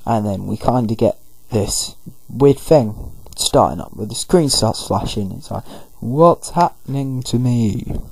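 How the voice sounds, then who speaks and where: A man commentating casually over a game, paraphrasing characters in quick throwaway voices. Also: fairly low pitch, creaky, a little mellow, slightly rough, poor audio. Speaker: gameplay commentator. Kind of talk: casual let's-play commentary.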